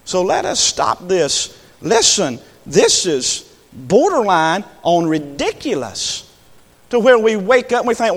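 Fiery preacher in a reverberant church. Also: male voice, very animated, takes it slowly. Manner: impassioned, swings from low talk to high shouts. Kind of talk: sermon. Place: church sanctuary.

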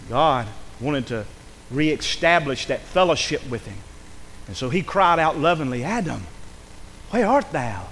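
A man's voice: on the high side, a bit bright. A male pastor preaching a fervent sermon in a church, swelling into impassioned calls to the congregation. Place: church sanctuary. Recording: reverberant church hall.

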